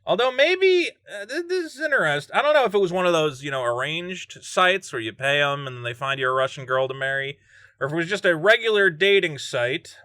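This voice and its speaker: A man riffing through a true-crime story in a vlog, joking and laughing as he goes. His voice is high and bright, with big swings of pitch, heard dry and close. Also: fairly quick, clean tone, no room sound. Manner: joking, laughs often, animated asides. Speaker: vlogger. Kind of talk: casual true-crime commentary.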